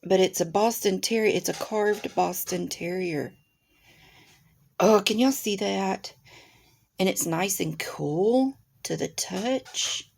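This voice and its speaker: A woman's voice: medium pitch, slow, creaky, darkish tone, husky. A woman, chatting to her viewers while unboxing crafts at her desk at home, gushing and exclaiming as she goes. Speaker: craft channel host. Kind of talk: casual unboxing chat to viewers. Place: home room with a desk by a window.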